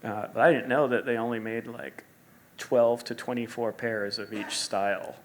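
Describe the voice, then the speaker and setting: A middle-aged man, a sneaker designer as guest, telling animated stories at a live store interview and acting out quotes. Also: medium pitch, moderate pace. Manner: animated storyteller, acts out quotes, laughs often. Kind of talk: live stage interview storytelling.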